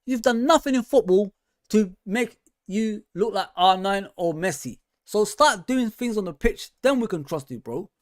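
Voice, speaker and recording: A man's voice: animated, moderate pace, dry recording, clean studio sound. Frustrated man ranting about his team. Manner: frustrated, exasperated ranting with rising pitch; casual slang, calls listeners bro and man. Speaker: host. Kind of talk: fan show commentary reading viewer comments.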